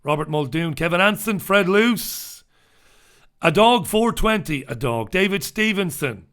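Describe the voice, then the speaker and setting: A man's voice: high-pitched, expressive, unhurried, a bit bright. A man hosting a live newspaper review, talking casually with a sardonic, mock-dramatic edge. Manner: sardonic, mock-dramatic when reading headlines. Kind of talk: casual live-stream commentary. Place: dark room.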